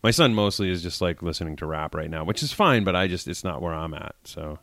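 A man in his forties from Massachusetts with a faint Massachusetts accent, chatting as a podcast guest, telling stories in a relaxed, hesitant way with many fillers. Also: low voice, brisk, no echo. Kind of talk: casual chat.

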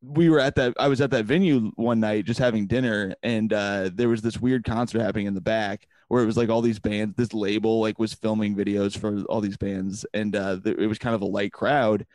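A man's voice: lowish voice, fairly even intonation, a little fast, hardly any pauses, a little mellow, no room sound. A young male comedian telling stories in a loose, profane way, laughing often and acting out quotes. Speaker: comedian, podcast guest. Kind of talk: casual storytelling chat.

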